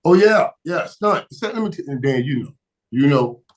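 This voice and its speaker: Guest spot: excitable high-pitched man, repeats himself, punches words hard. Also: moderate pace. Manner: emphatic, repeats words, shouts for emphasis, laughs often. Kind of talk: animated sports talk.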